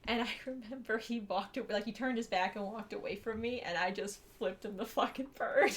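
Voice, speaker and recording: A woman's voice: fairly high pitch, fairly quick. A young woman co-hosting a podcast, telling a story in casual chat, swearing freely, laughing often and acting out the voices she quotes. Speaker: podcast co-host.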